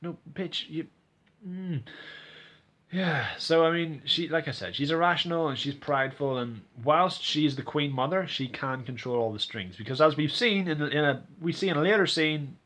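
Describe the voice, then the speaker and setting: A man's voice: a little high, lively intonation, normal speed, few pauses, fairly bright tone. A man giving a casual, rambling recap of a TV episode, full of fillers and restarts, acting out characters' lines in exaggerated voices. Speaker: TV episode reviewer.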